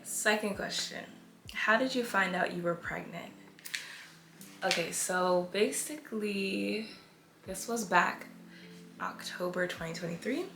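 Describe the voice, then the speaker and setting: A young woman chatting casually to her vlog audience, out of breath and pausing often. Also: fairly low pitch, fairly bright tone, reverberant, a little hiss or hum. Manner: chatty, with long pauses. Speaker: vlogger.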